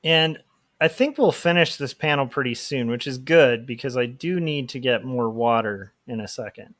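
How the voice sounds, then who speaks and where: A man's voice: mid-range voice, moderate pace, a bit bright, dry recording, studio quality. A man chatting casually on a livestream while drawing, rambling and laughing often. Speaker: livestream host, comic artist.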